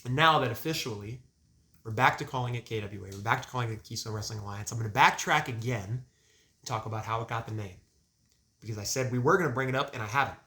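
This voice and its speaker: A young man is a guest on a casual podcast, telling stories with lively energy. He laughs through his lines and swears offhandedly. His voice is bright and forward, sitting at an ordinary middle pitch. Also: fast talker.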